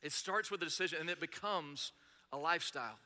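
Bright-voiced male pastor preaching a sermon. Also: on the high side, fast talker. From North Georgia. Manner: conversational storytelling with frequent fillers. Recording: long reverb in a large hall.

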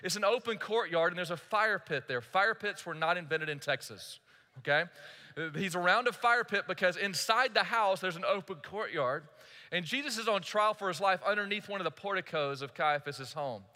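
A male pastor preaching in a church sanctuary, telling a story earnestly and turning often to the congregation. His voice sits high and bright, and a long hall echo follows each phrase. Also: lively intonation, moderate pace. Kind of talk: sermon.

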